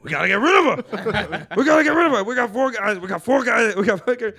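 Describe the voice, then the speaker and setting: A man doing an impression of a brash, gruff male comedian, spinning a crude tall tale in a loud, swaggering, profane voice. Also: high-pitched, sing-song, quick pace, pitched above the performer's own voice, heavily acted. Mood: boisterous.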